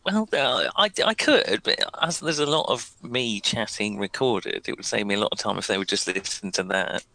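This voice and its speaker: A man's voice: lowish voice, lively intonation, moderate pace, hardly any pauses, pushed and bright. A man chatting on an online call, hesitant and self-mocking. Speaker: podcast regular and game master. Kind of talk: casual chat.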